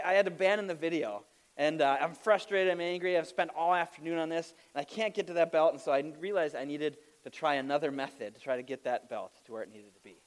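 A man preaching a sermon, opening with a funny personal story and laughing at himself as he goes. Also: a little high. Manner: animated storytelling with self-deprecating laughs. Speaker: pastor.

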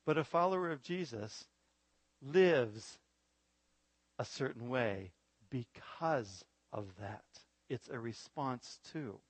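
At a medium pitch and a slow pace, a male pastor preaches with animation, asking his congregation rhetorical questions, and the sound carries no echo.

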